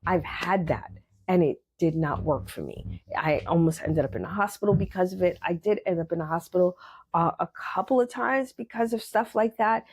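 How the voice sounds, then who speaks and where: A woman's voice: lowish voice, lively intonation, normal speed, a little mellow, breathy edge. Blunt woman giving a motivational talk. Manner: blunt, emphatic, repeats phrases, swears casually. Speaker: podcast host. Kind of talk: motivational monologue.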